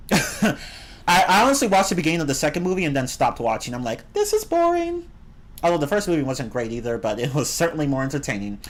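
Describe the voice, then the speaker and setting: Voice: animated, fast talker. A game streamer in casual live-stream chat, rambling and opinionated, answering the chat. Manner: rambling and opinionated, with swings in pitch.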